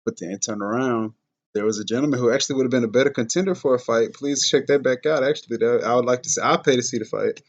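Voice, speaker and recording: A man from Dallas giving reaction commentary on a clip, measured and explanatory, with fillers and self-corrections. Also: medium pitch, lo-fi sound. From Dallas, Texas. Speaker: rapper reacting to a video.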